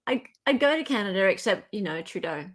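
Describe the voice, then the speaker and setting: Playful woman co-host; casual, laughs a lot, mid pitch. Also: expressive, fast talker. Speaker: livestream co-host. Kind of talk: casual chat.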